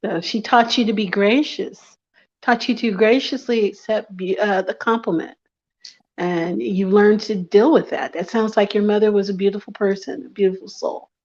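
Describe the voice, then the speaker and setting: A woman's voice: mid-range voice, fairly even intonation, normal speed, darkish tone. Affirming woman on dull lo-fi audio. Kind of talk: casual group chat.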